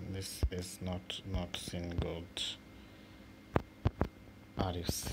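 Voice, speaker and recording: A man hosting a mobile football game channel, giving casual, excitable commentary with swearing and halting restarts over his own play. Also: sits low. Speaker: gaming channel host. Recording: noisy home recording.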